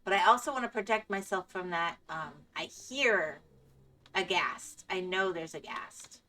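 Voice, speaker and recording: A woman's voice: fairly low pitch, animated, a little slow, pushed and bright. A woman live-streaming a game, chatting casually with her viewers and laughing often. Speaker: Minecraft streamer. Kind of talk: casual live-stream chat while gaming.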